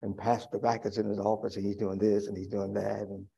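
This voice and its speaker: A male pastor preaching a sermon. He climbs into loud, high preaching and then falls back to quiet, reflective asides. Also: level tone, fairly quick, gravelly, slightly rough.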